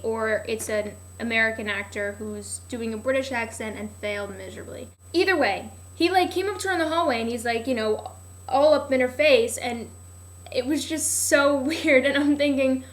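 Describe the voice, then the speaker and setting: A young woman with a slightly high voice vlogs a rambling, casual recap of a TV show. She's sarcastic, says "like" constantly, and often loses her place.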